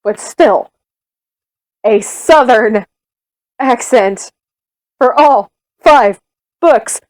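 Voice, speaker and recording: A woman from the US Midwest breaks off her reading to chat with her listeners in a self-mocking, rambling way. Her voice is fairly high and exasperated, close to the mic in a dry, deadened space. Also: very slow, dry recording, poor audio. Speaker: audiobook reader. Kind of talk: casual aside to listeners.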